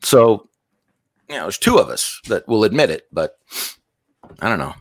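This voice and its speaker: A man telling a personal story in a candid, self-mocking way, his pitch swinging up and down as he talks. He is recorded close on a dry mic with no room sound. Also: very animated, moderate pace, breathy edge, no room sound. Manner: candid, self-deprecating, joking. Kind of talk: casual storytelling.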